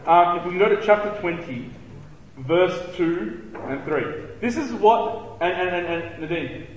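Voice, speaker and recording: High-voiced man teaching in an echoey hall. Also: unhurried, distant mic, dull audio, slight background noise. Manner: animated, acts out quotes, jokes with the group. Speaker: church youth teacher. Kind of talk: casual Bible study teaching. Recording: echoey hall with long reverb.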